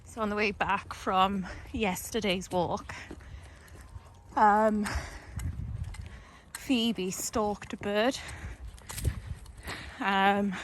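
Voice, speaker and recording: A woman's voice: steady tone, extremely slow, pauses often, slight background noise. A woman chatting casually to camera while walking her dogs outdoors, a little breathless on the hills. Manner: chatty, talks to her dogs in a high coaxing voice. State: out of breath on a hill. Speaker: dog breeder vlogger. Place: outdoors on a countryside walk.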